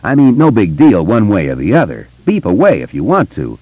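A man's voice: fairly low pitch, wildly swooping pitch, a little fast, slightly rough, dry recording, highs cut off, pitched above the performer's own voice, heavily acted. A man doing a brash joking man with a mock brogue. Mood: needling. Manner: brash, mocking, slips into a comic Irish brogue. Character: wisecracking adult man, old friend, joker.

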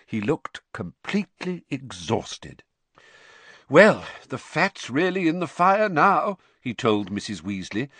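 A man reading an audiobook narration in an expressive storytelling manner. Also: fairly low pitch, no room sound.

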